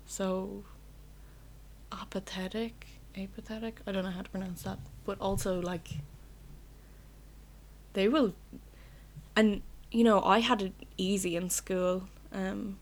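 A woman's voice: medium pitch, fairly even intonation, measured pace, long pauses. Candid, rambling young Irish woman. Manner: candid, rambling, swears freely. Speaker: podcast host. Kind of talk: casual solo podcast chat. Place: bedroom.

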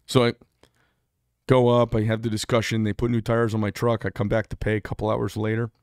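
A middle-aged man speaks in a low register, blunt and unpolished, often doubling back mid-sentence. The sound is dry and close, with no room echo. He talks straight to the camera in a candid personal monologue. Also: level tone, brisk, a little mellow. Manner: blunt, rambling, self-interrupting. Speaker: veteran vlogger.

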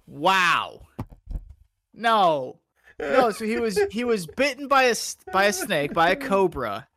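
A man co-hosting a casual podcast, reading out odd news stories with animated delivery. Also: sits high, slow, a crowd in the background. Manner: animated storyteller, reads out news items. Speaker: podcast co-host.

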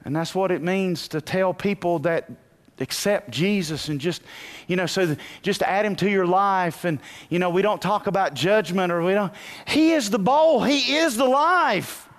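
A man preaching a sermon as pastor, moving from quiet asides to loud bursts and telling folksy, humorous stories. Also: high voice, moderate pace.

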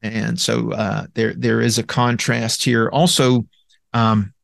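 A man's voice: mid-range voice, level tone, slow, gravelly, fairly bright tone, dry recording, clean studio sound. A man teaching a Bible lesson from slides, methodical, with many fillers and restarts, explaining Greek word roots. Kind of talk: recorded Bible lecture with slides.

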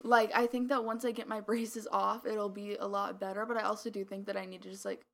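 A woman's voice: mid-range voice, level tone, a little fast. A young woman co-hosting a podcast in casual chat, rambling with lots of filler words and a slight mumble. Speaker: podcast co-host.

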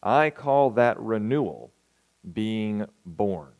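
A man voicing a sly, flattering tempter serpent from a play, reading its lines calmly. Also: fairly low pitch, slow. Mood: coaxing.

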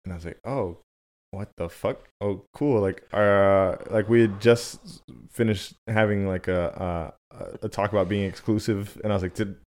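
Chill young dude cohosting a podcast, cusses, laughs a lot. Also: male voice, on the low side, fairly even intonation, moderate pace, darkish tone. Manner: laid-back, swears, laughs often. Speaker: podcast co-host. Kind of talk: casual podcast chat.

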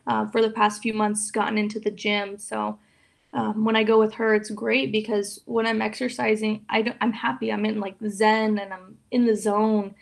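A young woman speaking as a podcast guest, talking openly and emotionally in a casual, soft way with many fillers. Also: medium pitch, little pitch movement, moderate pace, gravelly. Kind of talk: casual interview chat.

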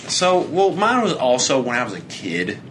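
A man's voice: medium pitch, sing-song, normal speed, fairly bright tone, slight background noise. A young man co-hosting a podcast in casual chat, rambling, laughing often and swearing as he acts out quoted back-and-forth. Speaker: podcast co-host.

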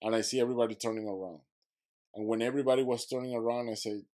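A man's voice: mid-range voice, fairly even intonation, racing, darkish tone. A man who is a podcast guest, telling a vivid story and acting out his own quotes, in slightly broken English.

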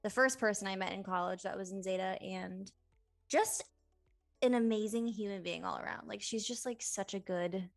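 Mid-twenties gal cohosting a podcast, giggly and rambly, bit of vocal fry, faint music under. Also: female voice, medium pitch, normal speed. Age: 20s. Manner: giggly, rambling with many fillers. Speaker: podcast co-host. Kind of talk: casual chat.

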